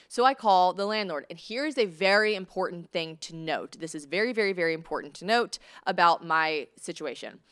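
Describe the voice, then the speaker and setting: A woman from the American South with a Southern accent, hosting a podcast and telling stories in a chatty, animated way with lots of fillers. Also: on the low side, clear, resonant tone. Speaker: podcast host. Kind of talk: casual storytelling chat.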